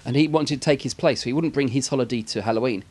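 A man's voice: mid-range voice, quick pace, mellow. A man with an English accent chatting casually about a film with a friend, joking and laughing often. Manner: jokey, rambling, laughs often. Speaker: podcast co-host.

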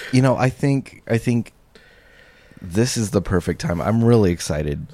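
A man co-hosting a casual comedy podcast, talking in a slow, deadpan way with frequent restarts. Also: fairly low pitch. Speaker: podcast co-host.

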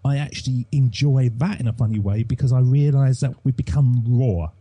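A man from England talks about his podcast with emphatic enthusiasm. His voice is warm and mellow with a husky edge. The recording is dry and close. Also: mid-range voice, moderate pace, no echo. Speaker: podcast host and guest. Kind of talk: casual interview chat.

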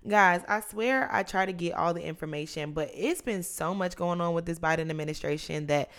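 A woman in her mid-twenties talks through her week on her own podcast. Her voice sits low, and she is chatty and candid, leaning on words and stretching them out for emphasis. It sounds close to the microphone. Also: brisk, hardly any pauses, fairly bright tone. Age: 20s. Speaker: podcast host. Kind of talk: casual solo podcast chat.

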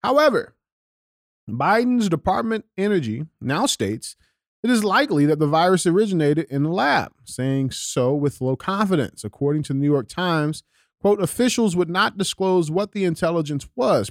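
A man's voice: fairly high pitch, normal speed, no echo, clean studio sound. A young man hosting a casual political podcast, reading out news and tweets with lots of fillers, restarts and swearing. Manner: animated, profane, many fillers and restarts. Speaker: podcast host.

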